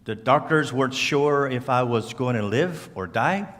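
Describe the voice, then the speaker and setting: Slow, halting man from Cape Breton. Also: mid-range voice, a bit bright. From Cape Breton Island, Canada. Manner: slow, halting speech with slurred, broken words and restarts. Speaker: guest speaker. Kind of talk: church talk to a congregation. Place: church hall. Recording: church hall reverb.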